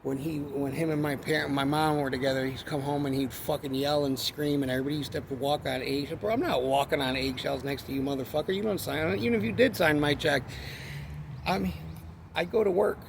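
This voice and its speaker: A man's voice: fairly high pitch, fairly even intonation, fast, creaky, noisy background. A man telling an angry, profane story about a run-in with a coworker, rambling and heated. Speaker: forklift worker.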